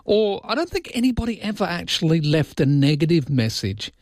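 A man's voice: fairly high pitch, sing-song, brisk, darkish tone, no room sound, clean studio sound. An Australian man hosting a morning radio show, chatting casually and joking between news items. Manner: chatty, joking, dips into mock voices.

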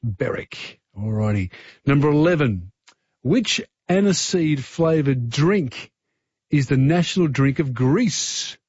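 A man's voice: medium pitch, lively intonation, slow pace, darkish tone, husky, no room sound, dull audio. A man with an Australian accent hosting a talkback radio quiz, chatty and easygoing. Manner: chatty, easygoing, filler-heavy.

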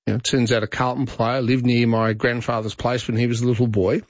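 A man's voice: medium pitch, flat delivery, fast talker, no room sound. A middle-aged Australian man hosting talkback radio, chatting in a rambling way with restarts. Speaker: radio host. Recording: dry, slightly dull studio sound.

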